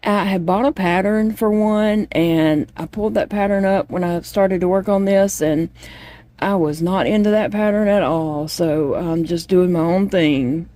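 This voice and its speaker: A woman chats with her viewers as she crochets at home, wandering easily from one thought to the next. Her voice sits on the low side, with a mellow, unhurried tone. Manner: rambling, chatty, talks to viewers. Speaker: vlogger. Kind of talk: casual chat while crocheting.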